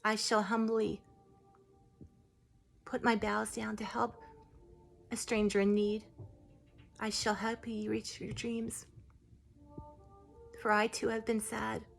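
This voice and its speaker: A woman voicing a humble, gentle ancient tree spirit, speaking softly, solemnly and slowly. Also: on the high side, level tone, vocal fry, soft background music. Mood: solemn, tender. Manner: soft, solemn, slow and hushed.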